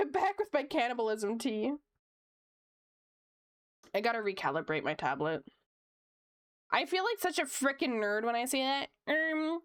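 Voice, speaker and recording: A woman's voice: on the high side, fairly bright tone. A young woman streamer chatting casually while she draws, reading chat aloud, laughing often and swearing freely.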